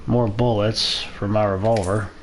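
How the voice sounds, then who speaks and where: A man's voice: on the low side, fairly even intonation, unhurried, slight background noise. Rambling young male game streamer. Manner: rambling, loose, swaps swears for silly minced oaths. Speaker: gaming streamer. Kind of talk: casual let's-play commentary.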